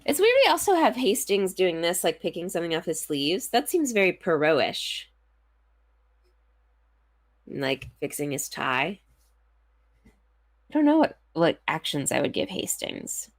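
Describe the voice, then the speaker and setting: Chatting casually over gameplay, a woman game streamer jokes and giggles playfully. Her voice is fairly low with big pitch swings, and she speaks at a measured pace with frequent pauses.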